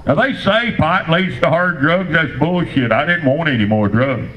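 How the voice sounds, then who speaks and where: Crude retired trucker comic. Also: male voice, on the high side, moderate pace, slight background noise, poor audio. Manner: crude, rambling deadpan storytelling. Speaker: standup comedian. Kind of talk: standup comedy set.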